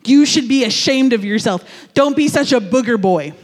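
A man voicing a stern female grade-school teacher, scolding a pupil in a sharp tone. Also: very high voice, animated, moderate pace, in a large hall.

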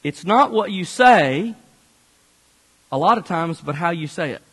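A married male pastor gives a lively, conversational sermon with a fairly high voice. His words carry a long, ringing reverb from a large church hall. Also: measured pace, breathy edge. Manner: animated, conversational preaching.

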